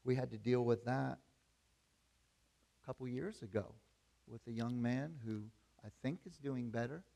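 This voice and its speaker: A man's voice: medium pitch, normal speed, vocal fry, mellow. A man, the pastor, preaching a sermon in a conversational storytelling way that builds to emphatic preaching.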